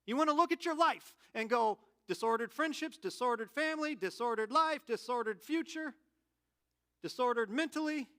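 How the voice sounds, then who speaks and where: Bright, high-voiced male preacher. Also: normal speed. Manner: animated, candid, personal anecdotes. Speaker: pastor. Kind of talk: conversational sermon.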